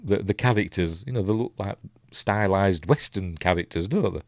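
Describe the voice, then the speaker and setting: Low-voiced Yorkshire man rambling. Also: moderate pace, dry recording. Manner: rambling and hesitant, many ums and restarts; chuckles at his own asides. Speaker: film reviewer hosting a live watch-along. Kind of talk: casual live commentary, reading chat.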